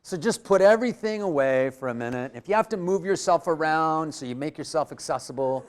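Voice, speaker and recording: A man giving a live motivational workshop in a room full of people, energetic and coaching the audience with direct prompts. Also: fairly high pitch, a little fast. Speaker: workshop speaker.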